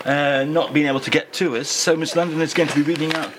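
A man's voice: a little high, fairly even intonation, fast talker, noisy background. A man hosting a radio show, talking in a rambling, wry, self-mocking way into a studio microphone. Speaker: radio host. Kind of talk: casual on-air banter. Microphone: studio microphone on stand.

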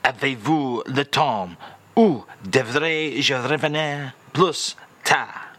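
A man's voice: medium pitch, sharp tone. A man putting on a drawling French crooner. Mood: languid. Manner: slow, drawling, languid Gallic delivery. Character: suave, world-weary French crooner, older man.

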